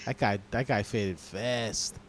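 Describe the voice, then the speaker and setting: A man's voice: fairly low pitch, slow pace. A man co-hosting a casual comedy podcast, trading joking banter and laughing often.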